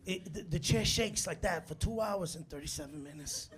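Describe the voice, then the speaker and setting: A man in his forties doing a stand-up comedy set on a club stage, telling animated stories, acting out quotes and working the crowd. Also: high-pitched, moderate pace, faint music behind. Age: 40s. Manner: animated storytelling, acts out quotes, works the crowd. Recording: live club recording with loud crowd laughter. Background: audience laughter.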